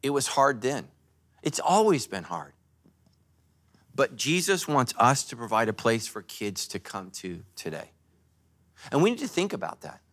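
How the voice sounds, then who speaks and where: Lively, joking male pastor preaching. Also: mid-range voice, measured pace, pauses often. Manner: animated, joking, storytelling preacher. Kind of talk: sermon. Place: church service.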